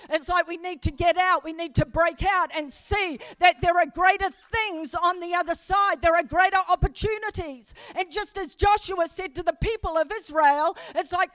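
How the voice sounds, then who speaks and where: A woman preacher giving a church sermon, telling stories animatedly and building to emphatic high points. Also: steady tone, normal speed, hardly any pauses, a bit bright, no echo. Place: church service.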